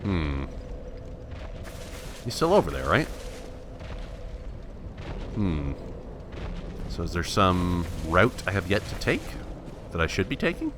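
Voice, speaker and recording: A man's voice: low-pitched, huge pitch swings, slow pace, pauses often, noisy background. A man thinking aloud in wry, self-mocking let's play commentary, restarting his sentences often. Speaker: gameplay commentator.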